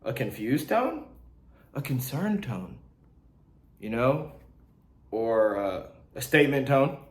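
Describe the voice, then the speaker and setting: A young man coaching beginners in a blunt, animated, slangy way, acting out sales calls as he teaches. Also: medium pitch, slow. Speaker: real estate wholesaling coach. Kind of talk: casual teaching talk to camera. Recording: echoey room.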